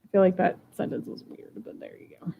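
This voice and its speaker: A woman's voice: a little fast, narrow, tinny audio, slight background noise. A woman selling jewelry on a live stream, chatting playfully and joking about herself as she unboxes and runs auctions. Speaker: online jewelry seller. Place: home room.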